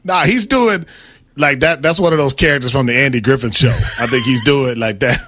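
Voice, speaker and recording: A man's voice: medium pitch, normal speed, fairly bright tone, no room sound. A man co-hosting a sports talk show, teasing his partner in casual banter. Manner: teasing, laughs often.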